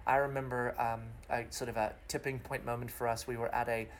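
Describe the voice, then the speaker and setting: A man's voice: medium pitch, little pitch movement, fairly quick, a little hiss or hum. A middle-aged man, a pastor, telling a long personal story in a podcast interview through vivid extended metaphors.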